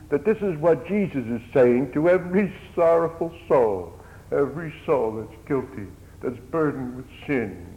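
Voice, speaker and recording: A man's voice: medium pitch, in a large hall, dull audio. A man preaching a sermon in an earnest, pleading manner that rises in fervor.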